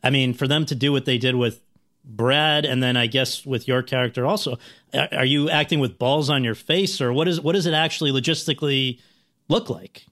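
Guy interviewer, mid pitch, asks long wandering questions w restarts. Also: brisk, a bit bright.

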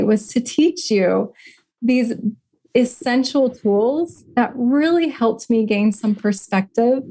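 A middle-aged woman, a life coach and podcast guest, telling a personal story and teaching in an earnest, heartfelt way. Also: mid-range voice. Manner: earnest, heartfelt, gently instructive.

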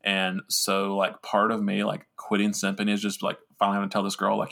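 A man's voice: lowish voice, completely flat delivery, fairly quick, creaky, a bit bright. A young man hosting a podcast, telling a rambling, profane, self-mocking story in casual talk. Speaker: podcast host.

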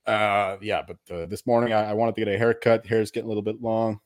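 Man, low voice, podcast co-host, laid-back, rambling, lots of fillers. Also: fairly even intonation, fast talker. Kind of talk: casual sports betting podcast chat.

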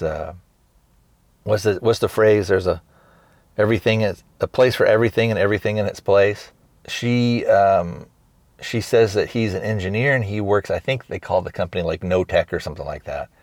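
A man's voice: fairly low pitch, moderate pace, a little mellow, dry recording. A man hosting a podcast, retelling scenes in a loose rambling way with many restarts and acted-out quotes. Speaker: podcast host reviewing a film. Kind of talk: casual recap.

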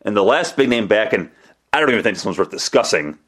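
A man's voice: lowish voice, animated, quick pace, fairly bright tone, husky. A man hosting a casual sports talk monologue, rambling and correcting himself as he talks through the market for players. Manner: rambling, self-correcting, conversational. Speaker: sports reporter and podcast host.

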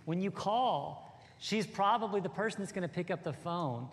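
A man's voice: high-pitched, animated, moderate pace, creaky. A man who is a pastor, preaching emphatically with repeated phrases and rhetorical questions to his congregation. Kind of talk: sermon with interview. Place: large church sanctuary with congregation. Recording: reverberant hall, audience present.

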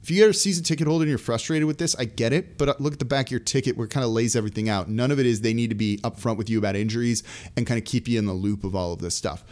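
A man with a mid-range voice hosts a sports podcast, rattling through team news rapid-fire in casual, animated solo commentary packed with asides.

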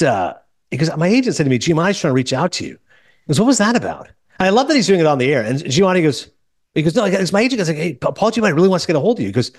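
A young man hosting a podcast, telling stories in a casual, animated way and retelling conversations. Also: a little high, no echo, clean studio sound. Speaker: podcast host. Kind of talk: casual chat.

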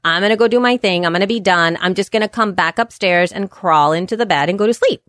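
A woman in her thirties co-hosting a podcast, telling family stories in casual chat and getting animated when she quotes people. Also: mid-range voice, fast, no echo, clean studio sound. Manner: chatty storyteller, animated when quoting. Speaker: podcast co-host.

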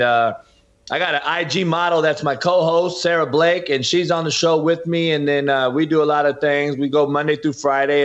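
Passionate man on a muffled line. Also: medium pitch. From California. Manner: passionate, emphatic, preachy. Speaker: podcast host and former coach, guest. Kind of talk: heated interview talk.

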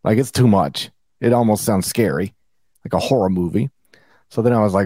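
A middle-aged man co-hosting a sports podcast, talking in a playful, rambling, animated way. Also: on the low side, brisk, no echo. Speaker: podcast co-host. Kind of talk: casual sports podcast banter.

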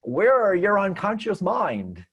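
A man doing a gruff Australian bar tough. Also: high voice, wildly swooping pitch, takes it slowly, voice pushed up, heavily acted. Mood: mocking. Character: gruff unshaven male dockside bar tough.

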